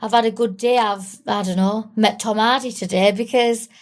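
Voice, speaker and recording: A young woman from England, tearful, talking candidly and haltingly with small giggles in an interview. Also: on the high side, fairly even intonation. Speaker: guest. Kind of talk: emotional interview.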